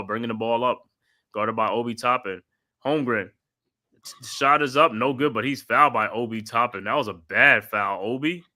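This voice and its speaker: A man hosting a watch party stream, calling the game play by play in a steady running call with casual asides. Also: mid-range voice. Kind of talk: live play-by-play commentary.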